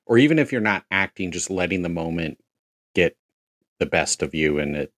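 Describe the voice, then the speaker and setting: Deep-voiced agreeable male co-host. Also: lively intonation, moderate pace, a bit bright, dry recording, clean studio sound. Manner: agreeable, short backchannel replies. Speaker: podcast co-host. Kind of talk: casual podcast chat.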